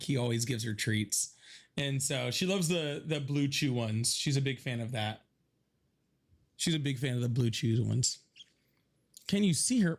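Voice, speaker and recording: A young man hosting a casual livestream from his home office, chatting with viewers, thanking them by name and swearing freely. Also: on the high side. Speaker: livestream host.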